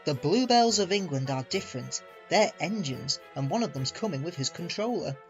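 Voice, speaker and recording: A man doing a squeaky anxious little engine. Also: animated, moderate pace. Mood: worried. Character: small fretful green tank engine boy. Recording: muffled recording with soft music.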